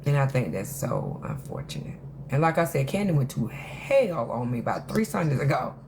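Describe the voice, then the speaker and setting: A woman hosting a casual commentary monologue, telling stories in an animated, emphatic way that rambles with frequent restarts. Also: very deep voice, normal speed, vocal fry, background noise. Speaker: host of a drama commentary channel.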